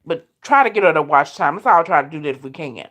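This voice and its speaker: A woman's voice: deep voice, animated, fast talker, a bit bright. A woman hosting a casual live chat, talking straight to her viewers and laughing often. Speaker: live stream host.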